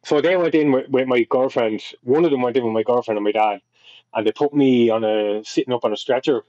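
A young Irish man with a mellow, darker voice tells a personal story in a loose, rambling way. He swears often and keeps restarting his sentences. The sound is dry and slightly dull, like a lo-fi podcast mic. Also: mid-range voice, fairly quick, no room sound. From Ireland. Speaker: podcast guest. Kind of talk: casual storytelling.

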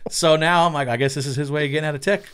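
A middle-aged Long Island, New York racing spotter tells profane, casual stories, animatedly performing the quotes. His voice is fairly high and very fast, and there's a little hiss or hum in the audio.

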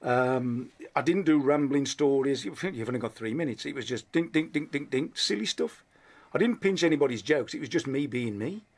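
In a casual radio interview, a middle-aged man with a Black Country accent, a comedian from that part of England, tells rambling stories at his own expense, restarting frequently. His medium-pitched voice is animated and a little fast.

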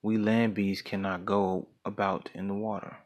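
A man's voice: on the low side, little pitch movement, normal speed, lo-fi sound, close to an everyday voice. A man voicing a clever, tricky male monkey in a folktale reading, talking slyly with mock indignation. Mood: wily.

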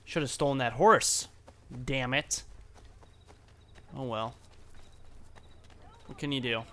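A man's voice: mid-range voice, takes it slowly, sharp tone. A man casually commenting on his own gameplay, rambling, self-mocking and swearing freely. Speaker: let's play host.

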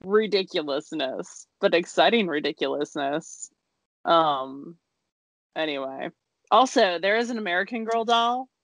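A woman's voice: lowish voice, animated, measured pace, no room sound. A woman co-hosting a craft podcast, chatting casually with lots of laughs and fillers. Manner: giggly, rambling with many fillers. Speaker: podcast co-host. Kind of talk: casual chat.

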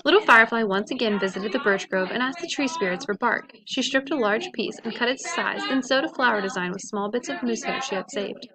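Teacher reading a story aloud. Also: female voice, a little high, brisk, hardly any pauses, a crowd in the background, rough recording. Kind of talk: reading a picture book aloud.

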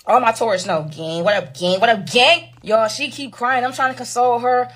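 Brief: woman, husky and a bit high, rapid slangy storytime with lots of asides to the audience. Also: fairly bright tone. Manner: dramatic, slangy, addresses viewers as y'all. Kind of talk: animated storytime reading.

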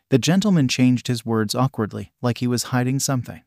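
Male narrator for a fan story, even, steady delivery, dry sound. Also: mid-range voice, brisk, few pauses, dry recording. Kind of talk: reading a fan story aloud.

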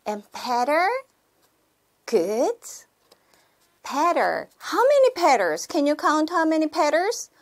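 A young woman teaching a sample lesson in English, repeating words slowly for children. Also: high-pitched, sing-song. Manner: slow, sing-song classroom talk with repeated words. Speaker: teacher demonstrating a class.

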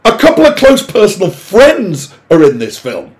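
A middle-aged man delivers an exasperated, sweary monologue to camera. His voice sits a little high, and it jumps into sudden loud bursts of indignation. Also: wildly swooping pitch, moderate pace, noisy background. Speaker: vlogger.

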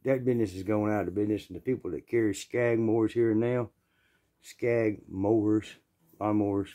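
Southern man, low-ish relaxed tone, folksy storyteller, clears his throat a lot. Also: normal speed. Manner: folksy, rambling, plainspoken. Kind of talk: casual storytelling.

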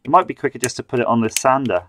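A man's voice: mid-range voice, expressive, very fast, a bit bright, slight background noise. A man hosting a live stream, chatting and muttering to himself as he builds an electronics kit. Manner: chatty, self-mocking, mutters while working.

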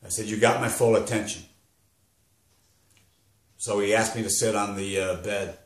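A middle-aged man giving a personal testimony as a grieving father, halting and rambling, struggling to hold back emotion. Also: on the low side, steady tone. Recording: roomy echo.

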